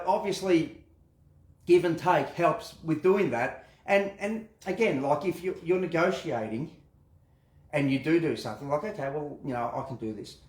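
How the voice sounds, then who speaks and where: A man's voice: a little high, reverberant. A man, giving a casual instructional talk on handling conflict, rambling and repeating words as he acts out exchanges. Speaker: self-defense instructor.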